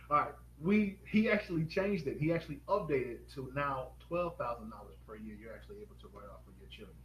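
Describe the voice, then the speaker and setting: A man hosting a live stream pitch, upbeat and quizzing viewers with rapid questions. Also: lively intonation, fairly bright tone. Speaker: host. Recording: echoey room with faint noise.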